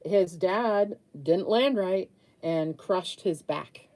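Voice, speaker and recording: A woman in her sixties, speaking very slowly in a low, slightly mellow voice, paints during a live stream. As host, she chats candidly with viewers and answers their comments.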